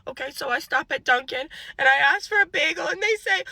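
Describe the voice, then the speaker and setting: High bright-voiced mom telling a storytime. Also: female voice, a little fast, creaky, no room sound. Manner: exasperated, animated storytelling. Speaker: mom vlogger. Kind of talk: casual storytime vlog.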